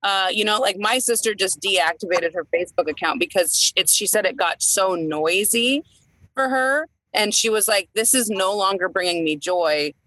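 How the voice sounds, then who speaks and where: Chatty woman in her 30s, bright tense voice, lots of um and like, dry close sound. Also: medium pitch, moderate pace, no echo, poor audio. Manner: chatty, rambling with many fillers and restarts. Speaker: podcast co-host, entertainer. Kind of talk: casual chat.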